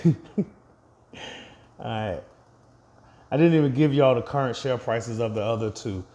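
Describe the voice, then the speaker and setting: A man's voice: mid-range voice, a little slow, dark tone. A man vlogging a casual update on his investments, chatting directly to his viewers and laughing off his own slips.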